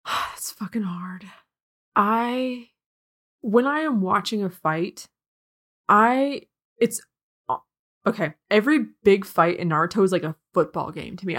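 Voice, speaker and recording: A woman co-hosting a podcast in casual chat, excitable, swearing freely and laughing often. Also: medium pitch. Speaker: podcast co-host.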